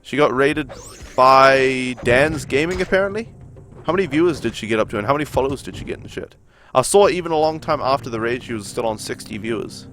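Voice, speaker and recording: With game music playing, a young man from New Zealand talks fast in a medium-pitched voice to his stream chat mid-game. His Kiwi-accented chatter is casual, loose and rambling, punctuated by frequent laughs.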